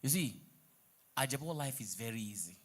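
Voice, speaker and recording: This stand-up comedian, a man with a Nigerian accent, speaks at a medium pitch with a brisk, expressive delivery. He does crowd work from the stage, ribbing the audience, mixing in pidgin and bursting into bits of song.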